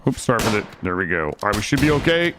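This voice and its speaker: A man's voice: on the low side, big pitch swings, very fast, noisy background. A young man streaming a video game, talking through it live and swinging from muttering to panicked outbursts. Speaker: gaming streamer. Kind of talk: live gameplay commentary. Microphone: studio microphone.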